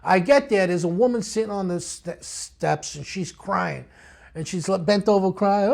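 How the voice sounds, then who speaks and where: A man's voice: high voice, moderate pace, vocal fry. A man, a retired police detective telling war stories in an interview, blunt and streetwise. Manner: streetwise, blunt, animated storyteller. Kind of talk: storytelling interview.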